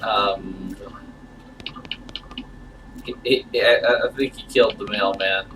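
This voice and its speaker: A man's voice: on the low side, steady tone, takes it slowly, distant mic, noisy background. A man reading a game's text aloud and adding wry, bemused comments, sometimes stammering. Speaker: gamer playing through a game.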